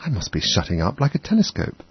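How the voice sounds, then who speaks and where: A man's voice: medium pitch, huge pitch swings, quick pace, breathy edge, no echo, heavily acted. A man voicing a curious little girl who talks to herself, frets and scolds herself, in a dry, dull audiobook reading. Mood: wondering.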